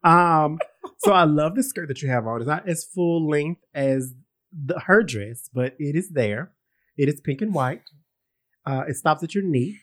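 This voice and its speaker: A man's voice: on the high side, lively intonation, a little slow, a bit bright. A man co-hosting a casual chat, teasing and giggling often. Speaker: podcast co-host. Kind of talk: casual banter.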